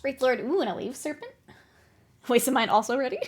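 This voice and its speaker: A woman's voice: sits high, expressive, slow pace, long pauses. A woman streaming her miniature painting, chatting casually, laughing often and answering her chat while she works.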